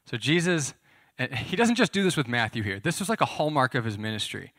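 A man gives a relaxed, conversational sermon, reading scripture and unpacking it in plain words. His voice is bright and forward, and it sounds dry and close. He speaks at a middle pitch and now and then turns to ask his listeners questions. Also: brisk, no room sound. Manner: conversational, asks the audience questions. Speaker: pastor. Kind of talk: sermon teaching.

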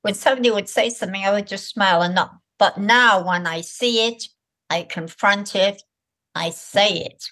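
An elderly woman in her eighties, originally from Liverpool, talks in a brisk, spirited storytelling voice. Her pitch sits at an ordinary middle height for a woman, and she acts out the lines of the people in her stories. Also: a bit bright. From Liverpool, England. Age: 80s. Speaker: guest. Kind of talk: conversational storytelling.

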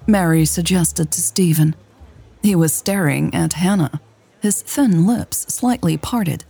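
A woman narrating a romance story in a slow, soft-spoken reading. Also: lowish voice, gravelly, husky. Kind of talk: audiobook-style story narration.

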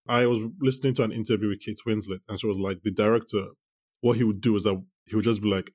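A man co-hosting a casual podcast about a TV show, talking in animated bursts with quick asides and restarts. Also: lowish voice. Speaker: podcast co-host. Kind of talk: casual chat reviewing a TV show.

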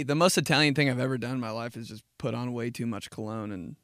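A young man hosting his own podcast, telling loose, profane stories with quick asides. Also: medium pitch, a bit bright, dry recording, studio quality. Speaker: podcast host. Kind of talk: casual solo podcast monologue.

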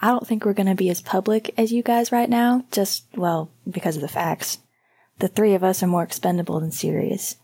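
A woman voicing a gentle, teasing young male hockey goalie in an audiobook, speaking softly and earnestly. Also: medium pitch, fairly even intonation, brisk, slightly rough, no echo, clean studio sound. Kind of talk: audiobook character voice.

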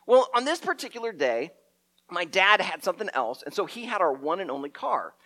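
A middle-aged man telling a story as a preacher, animated and often repeating his words. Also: sits high, fairly quick. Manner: lively storyteller, acts out shouted quotes, stumbles and repeats words.

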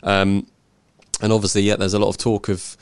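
A man hosting a relaxed chat show, rambling through his points and doubling back on his words. His voice sits fairly low, and the sound is dry and close. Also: brisk, clear, resonant tone, no echo. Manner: rambling, repeats words, laughs often. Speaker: host. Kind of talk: casual chat.

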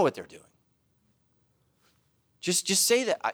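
A middle-aged man preaching a sermon as pastor, joking, laughing at himself and breaking into loud shouted asides. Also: sits high, very animated, normal speed, long pauses.

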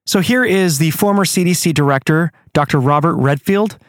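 A man's voice: fairly high pitch, moderate pace, no echo, studio quality. A man hosting his own show, ranting angrily with plenty of swearing. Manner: angry, profane, animated. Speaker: podcast host. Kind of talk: ranting monologue.

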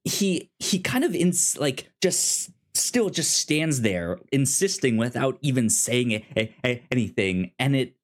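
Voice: medium pitch, sing-song, unhurried, few pauses. A podcast co-host chatting casually about a TV episode, rambling with many fillers and restarts. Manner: rambling, full of fillers and restarts, acts out quotes in silly voices.

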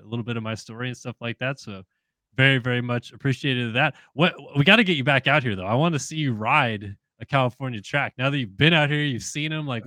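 Young man, podcast guest, bright forceful voice, close and dry, chatty with lots of "um"s. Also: medium pitch, no room sound. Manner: thoughtful, many fillers and restarts. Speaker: guest, moto journalist. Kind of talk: casual interview chat.

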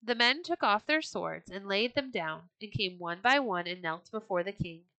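A woman storyteller giving scripted storybook narration in a clear, steady reading voice. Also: mid-range voice, normal speed, no room sound, rough recording.

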